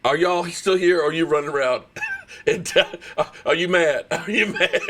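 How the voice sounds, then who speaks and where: A man with a straining voice hosts a live sports stream, loud and fired up, teasing rival fans. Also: a little high, moderate pace.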